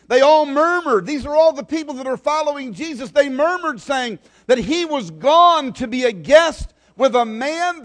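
A man preaching a sermon, dramatic and swinging between loud declarations and soft, low asides.

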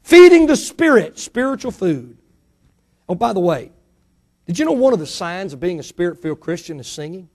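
A man with a noticeably high voice delivers a church sermon. He is middle-aged and emphatic, pressing rhetorical questions and letting his voice climb and drop for effect. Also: sing-song, moderate pace, a little mellow. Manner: emphatic preacher, rising and falling dynamically, rhetorical questions. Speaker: pastor.

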